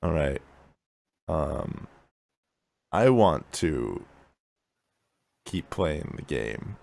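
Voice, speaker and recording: A man playing a tabletop game, talking casually in a wry, unhurried way. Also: rumbling low, sing-song, gravelly, darkish tone. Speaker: player.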